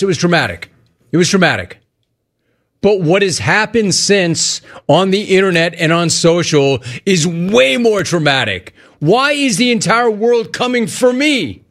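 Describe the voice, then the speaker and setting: A man's voice: fairly high pitch, a bit bright. A man hosting a sports talk radio show, talking in an emphatic monologue that hammers key lines home by repeating them. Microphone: studio broadcast mic.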